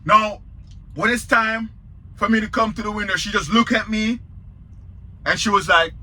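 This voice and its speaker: A man's voice: high-pitched, fairly even intonation, normal speed, bright, forceful tone, a little hiss or hum. A man with a Jamaican accent, a truck driver telling a story in a casual vlog, talking straight to viewers.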